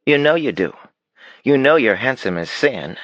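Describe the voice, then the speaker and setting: Man playing an eager little daughter for an audiobook: high, bouncy, teasing. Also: very animated, normal speed, fairly bright tone, no echo, muffled recording. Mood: admiring. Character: young girl, eager and teasing.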